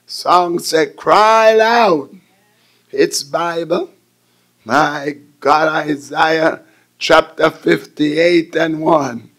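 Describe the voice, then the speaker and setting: A man preaching a radio sermon in place of his bishop, with repeated refrains that build to shouts. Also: on the high side, fairly even intonation, extremely slow.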